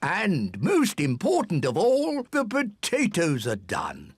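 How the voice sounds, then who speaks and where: Hearty, jolly elderly grandpa pig for a cartoon; very lively pitch, slow delivery. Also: male voice, slightly rough, soft background music, full character voice. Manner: hearty, booming, pleased with himself.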